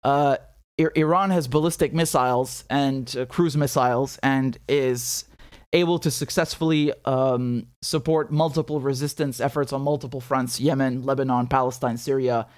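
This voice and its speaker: A man with a medium-pitched voice talks at a normal speed, recorded clean in a studio with no room sound. He's hosting a live stream, casually commenting and answering chat in a blunt, profane, animated way, repeating words and restarting often. He has a headache.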